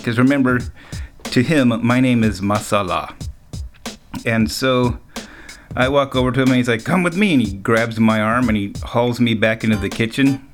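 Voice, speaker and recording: A man telling a personal story in a relaxed way, chuckling often between lines. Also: mid-range voice, normal speed, faint music behind. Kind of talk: storytelling anecdote.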